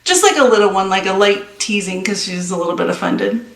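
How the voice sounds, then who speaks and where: A woman's voice: medium pitch, animated, a little fast, creaky, a bit bright, roomy sound. A woman playing in a tabletop game who talks in a hesitant, easygoing way. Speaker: player.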